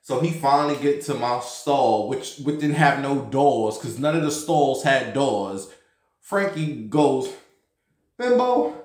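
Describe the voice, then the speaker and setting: Unhurried and mid-range in pitch, a thirtysomething male vlog host chats through a story in a roomy-sounding space. The gossipy, casual tale is loose and profane, packed with filler words.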